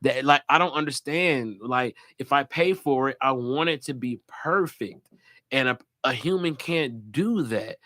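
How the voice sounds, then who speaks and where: A man hosting a live podcast, talking casually with animated, profane energy. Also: mid-range voice, measured pace, no echo, clean studio sound. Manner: animated, profane, jumps into loud put-on voices. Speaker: comedian and podcast host.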